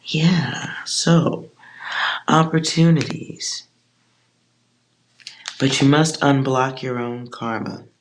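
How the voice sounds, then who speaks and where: Speaking very slowly with long pauses in a mid-range voice, a tarot reader does a casual collective reading. She's blunt and jokey, tossing in slangy asides and softly whispered side comments.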